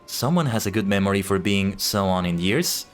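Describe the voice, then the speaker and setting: A man's voice: sits low, expressive, moderate pace, soft background music. A man voicing a scheming female pirate bandit captain, reading her game lines with a menacing put-on pirate accent. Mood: sneering.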